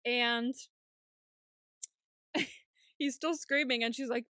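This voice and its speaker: A woman's voice: high voice, a little slow, pauses often, a bit bright, dry recording, clean studio sound. A woman co-hosting a podcast, casually recapping a show, laughing often and acting out scenes in different voices. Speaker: podcast co-host.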